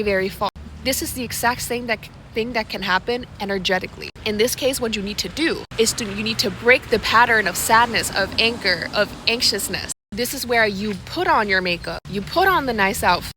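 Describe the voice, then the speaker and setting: Bright-voiced woman giving upbeat life advice. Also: a little high, slight background noise. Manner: earnest, upbeat, repeats words for emphasis. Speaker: lifestyle vlogger. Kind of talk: motivational talk to camera. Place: outdoors.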